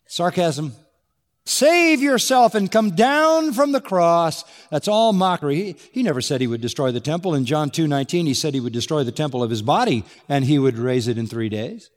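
Guy preaching a sermon, bit high voice, hits his points hard, big echoey hall. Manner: emphatic, rising to exclamation on key points. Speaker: pastor. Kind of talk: expository sermon.

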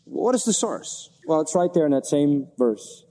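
Male pastor, sermon delivery, mellow tone, reverberant church hall. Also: on the high side, very animated, moderate pace. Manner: expository preaching, rhetorical questions, dramatic scripture reading.

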